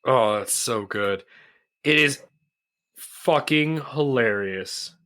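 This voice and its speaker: A man chatting on a podcast with a bright, forceful voice. He rambles through a story, excitable and full of fillers. Casual, loose delivery. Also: mid-range voice, takes it slowly. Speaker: podcast co-host. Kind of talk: casual chat.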